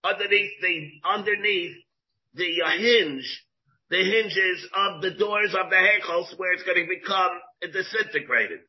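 Rabbi leading a Talmud class, high husky voice, full of rhetorical questions, dull lo-fi recording. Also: male voice, unhurried. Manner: rhetorical questions, repeats phrases, mixes in Hebrew terms.

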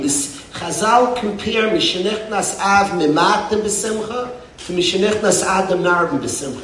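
A man, a rabbi who heads a yeshiva, giving an impassioned sermon that swings between hushed and raised passages. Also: high voice, measured pace, distant mic, a little hiss or hum. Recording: echoey room, voice off-mic.

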